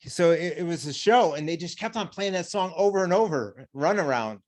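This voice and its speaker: A man hosting a podcast, telling lively anecdotes in casual chat. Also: a little high, brisk. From United States. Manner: chatty storyteller, lively anecdotes. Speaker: podcast host.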